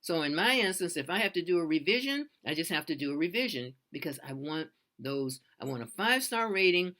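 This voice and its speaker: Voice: medium pitch, very animated, fairly quick, pushed and bright. A freelance voiceover artist giving casual how-to advice, in an earnest, loose way with many restarts and repeats.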